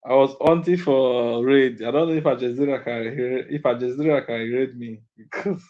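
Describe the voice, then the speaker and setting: A man's voice: medium pitch, steady tone, moderate pace. A man live streaming and chatting casually with his viewers, teasing and chuckling, repeating lines as he reads comments, sounding sleepy. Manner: laid-back, teasing, chuckles often, repeats himself. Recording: slightly dull lo-fi audio.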